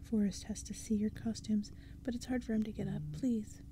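A woman voicing a small, sweetly eerie old woman in a soft, breathy whispered role-play. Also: mid-range voice, fairly even intonation, moderate pace, a little hiss or hum, lightly acted. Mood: pleading.

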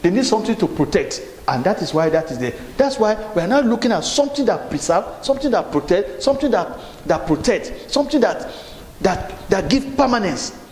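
A man's voice: high voice, big pitch swings, brisk, darkish tone. Man preaching in a big echoey hall, keeps repeating himself and asking are you with me, faint hum behind. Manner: repetitive, call-and-response preaching with restarts. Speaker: pastor. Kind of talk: sermon. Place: church hall.

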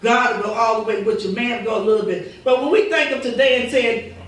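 A woman's voice: on the high side, fairly quick. A woman pastor preaching a sermon with fervent, repetitive phrasing and rhetorical quotes, heard in a church sanctuary. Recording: echoey church recording from far off.

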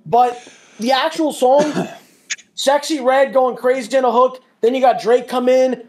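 A man's voice: extremely high pitch, steady tone, measured pace, slight background noise. A man as a guest in a casual chat over a call, laid-back and teasing, full of dude and bro.

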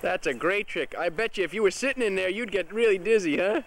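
This man sounds high, animated, and fast, his tone fairly bright with a little hiss or hum in the audio. He's shooting a home movie in a suburban backyard, casually narrating and egging on the playing kids. The camcorder's own mic picks up the party crowd chattering.

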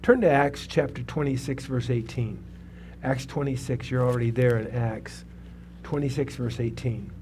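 A man's voice: mid-range voice, steady tone, normal speed, noisy background. A man in his seventies, a pastor preaching a sermon with a personal testimony, talking conversationally and putting questions to the congregation. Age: 70s. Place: church sanctuary.

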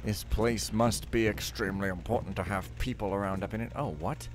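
A man's voice: on the low side, fairly even intonation, brisk, over music. A man giving casual, joking, rambling commentary while playing a stealth game, mocking himself as he goes. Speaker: let's play commentator.

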